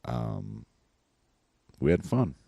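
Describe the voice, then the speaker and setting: A man's voice: sits low, very animated, very slow, vocal fry, dark tone, husky, dry recording. A man, a comedian hosting a podcast, giving a rambling, loose wrap-up full of fillers. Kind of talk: casual show wrap-up.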